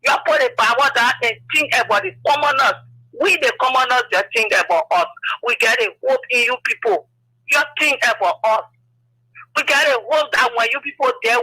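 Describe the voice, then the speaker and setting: A woman's voice: on the high side, sharp tone, breathy edge, no echo, rough recording. A woman calling in to a talk show, making an emotional plea and raising her voice. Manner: pleading, emotional, raises voice. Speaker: caller. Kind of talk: impassioned call-in plea.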